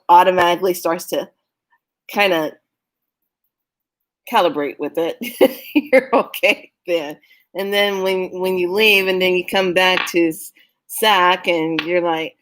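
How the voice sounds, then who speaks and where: A woman giving a casual spiritual talk, earnest and urging, who often laughs while telling stories. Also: on the low side. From California. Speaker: spiritual vlogger.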